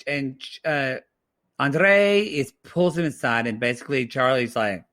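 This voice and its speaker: A man's voice: mid-range voice, measured pace, a bit bright. A man co-hosting a podcast, giving blunt and sassy opinions in a casual reality TV recap chat. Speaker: podcast co-host.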